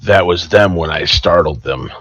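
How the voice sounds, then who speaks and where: A man playing in a tabletop game, speaking in a deadpan way. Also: low voice, moderate pace, husky. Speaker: player.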